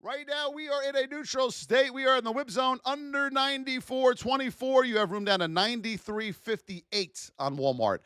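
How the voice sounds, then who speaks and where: A man's voice: very high voice, normal speed, hardly any pauses, clear, resonant tone, no echo, studio quality. A middle-aged man hosting a live trading stream, giving chart commentary and calling out to viewers in the chat. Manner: animated, shouts out to chat viewers. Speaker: trading livestream host.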